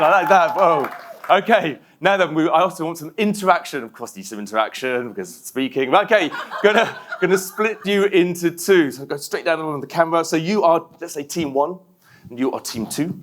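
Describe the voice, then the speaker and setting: A middle-aged man delivers a motivational keynote and rallies the audience into call-and-response. His voice sits a little higher than most men's, and his delivery is lively and animated. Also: brisk, a crowd in the background, background noise. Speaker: keynote speaker.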